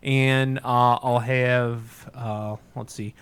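A man's voice: medium pitch, smooth. A man co-hosting a podcast, chatting casually and stumbling through restarts as he thinks aloud. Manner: halting, many restarts, relaxed. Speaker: podcast co-host. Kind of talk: casual chat.

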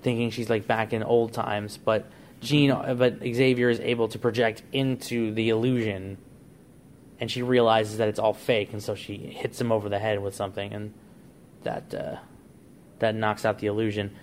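A man co-hosting a podcast pitches a plot idea in loose, rambling fashion, restarting often and saying "like" a lot. His voice runs low with a flat delivery at a moderate pace, and a little background noise comes through.

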